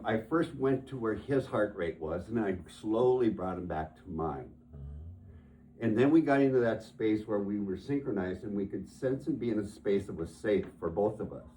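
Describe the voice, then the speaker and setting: A man's voice: on the low side, warm tone, a little hiss or hum. A man who works as a therapist, telling stories from his practice in an earnest conversational way and often restarting his phrases.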